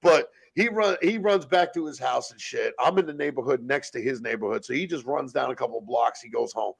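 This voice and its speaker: A man telling rough stories as a podcast guest, in blunt, profane street slang. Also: mid-range voice, brisk. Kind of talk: casual storytelling.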